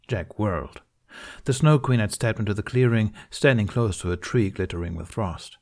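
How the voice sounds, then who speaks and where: A man narrating a fan fiction story aloud in a steady, measured storytelling manner. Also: lowish voice. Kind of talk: scripted narration.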